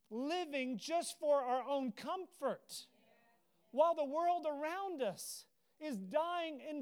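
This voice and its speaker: A man preaching an impassioned, earnest sermon, his voice rising into emotional cries, at times teary. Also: very high voice. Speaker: pastor.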